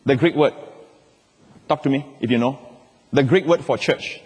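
A man's voice: medium pitch, moderate pace, a little mellow, breathy edge. A male pastor preaching emphatically to his church, asking the congregation questions and repeating key words. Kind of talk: sermon. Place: large church. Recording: long hall reverb.

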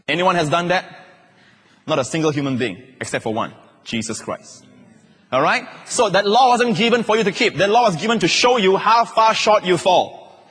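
A male pastor preaching a sermon to a church, dropping at times into soft, slow, hushed repetitions. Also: sits high, expressive, breathy edge. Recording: long reverb of a large hall.

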